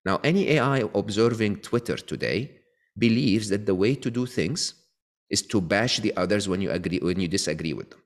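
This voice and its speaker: Interviewed as an author, this man talks at a moderate pace in a fairly low, animated voice. His explanations are peppered with tag questions like "okay?" and frequent restarts.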